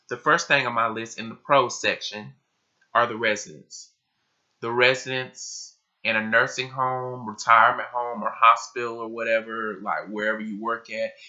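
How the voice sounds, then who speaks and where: A young man vlogging casually to camera, his voice a bit croaky from just waking up, talking emphatically with lots of "like" and casual swearing. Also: lowish voice, pushed and bright. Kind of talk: casual vlog talk to camera. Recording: dull lo-fi recording.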